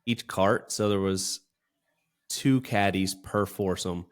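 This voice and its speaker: Low-voiced man rambling through a story. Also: slow pace. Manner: rambling, filler-heavy storytelling. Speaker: podcast co-host. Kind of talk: casual chat.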